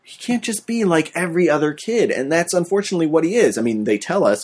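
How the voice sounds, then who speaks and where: A man's voice: a little high, animated, fast talker, hardly any pauses, a little mellow, slightly rough. A man hosting a casual podcast, talking about films in a rambling, profane way. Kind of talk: casual film chat.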